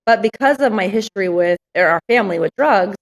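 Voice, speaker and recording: A woman's voice: medium pitch, expressive, fast talker, rough recording. A woman business owner telling candid stories in an interview, frank and reflective with many fillers.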